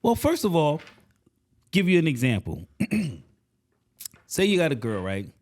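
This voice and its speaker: Lively storytelling male podcast host. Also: fairly high pitch, measured pace. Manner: emphatic storyteller, acts out dialogue. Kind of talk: casual podcast chat.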